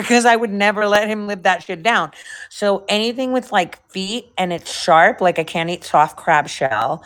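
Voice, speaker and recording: This woman's voice is on the low side, and she talks at normal speed. As a livestream host in casual chat with a co-host, she rambles between stories, cursing freely.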